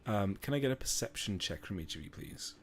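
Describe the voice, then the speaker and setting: A man narrating a tabletop game as game master, in a relaxed, hesitant way. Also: fairly low pitch, fairly quick.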